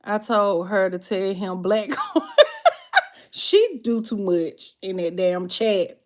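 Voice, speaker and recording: A woman's voice: medium pitch, animated, takes it slowly. A woman with a Southern US accent, chatting casually on a livestream and answering viewers' comments. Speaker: livestream host.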